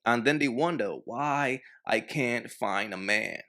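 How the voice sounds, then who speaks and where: A man's voice: mid-range voice, takes it slowly, sharp tone. A man hosting a reaction channel, giving blunt, mocking commentary on a clip and talking straight to his viewers. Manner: blunt, mocking, talks to the fellas.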